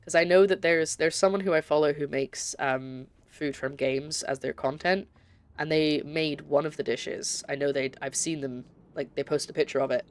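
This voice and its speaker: A woman's voice: low voice, steady tone, normal speed. A young woman from Scotland with a light Scottish accent, chatting casually and rambling as she streams a game and reads chat. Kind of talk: casual gameplay commentary.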